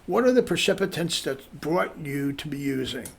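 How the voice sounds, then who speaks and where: A man representing an addiction clinic, explaining treatment in a measured way with frequent restarts. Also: a little high, animated, gravelly, slightly rough. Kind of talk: interview answers.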